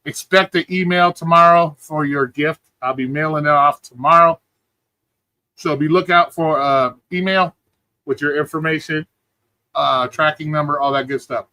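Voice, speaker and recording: A man's voice: on the high side, fairly even intonation, moderate pace, sharp tone, no echo. A man hosting a livestream, ranting in a profane, mocking way and talking back to chat. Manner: profane, mocking, mimics people in a whiny voice. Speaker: livestream host.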